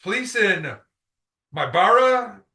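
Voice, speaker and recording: Podcast host from Michigan, high gravelly voice, rambling and profane, echoey room off the mic. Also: male voice, sing-song, slow pace, recorded from a distance. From Michigan, USA. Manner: profane, rambling, loud outbursts. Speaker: podcast host reading news. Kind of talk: casual podcast chat.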